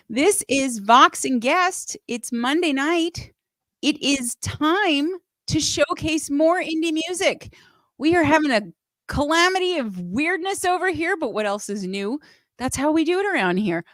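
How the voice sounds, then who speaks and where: A woman's voice: on the high side, a bit bright, no room sound. Bubbly, playful woman host. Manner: bubbly, playful, laughs often. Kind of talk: live show hosting.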